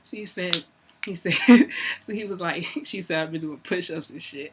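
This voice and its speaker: A young woman telling a story to camera in a casual, animated way, acting out both sides of a conversation and laughing often. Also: fairly low pitch, normal speed, a little hiss or hum. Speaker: vlogger.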